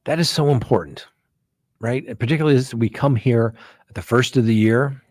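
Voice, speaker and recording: A man's voice: medium pitch, a little fast, a little mellow, dry recording. A man hosting a live show as a criminal defense attorney, talking casually in a folksy way with frequent "right?" asides. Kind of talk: casual live-stream talk.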